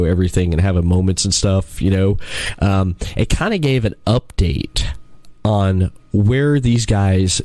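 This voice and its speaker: A man hosting a casual movie chat, laughing often and quoting film lines in quick put-on voices. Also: fairly low pitch, a little mellow, no room sound. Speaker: podcast host.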